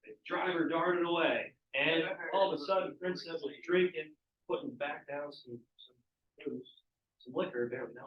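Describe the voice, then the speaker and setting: A man whose voice is on the high side speaks at normal speed while casually teaching a history class and questioning his students. The classroom audio sounds echoey, distant, and muffled.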